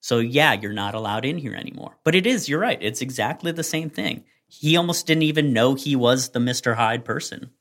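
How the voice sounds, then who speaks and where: A man of ordinary pitch spins a long, winding anecdote on a casual podcast. He talks loosely and animatedly, stacking fillers as he goes. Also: a little fast, few pauses. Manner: rambling, animated storytelling with many fillers. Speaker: podcast co-host. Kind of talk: casual storytelling chat.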